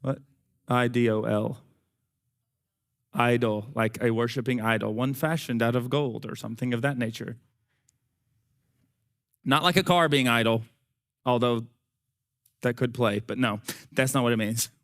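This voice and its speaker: With a hoarse voice and shortness of breath, a man gives a folksy, lively sermon aimed right at his congregation. He speaks in a mid-range voice at normal speed, leaving long pauses.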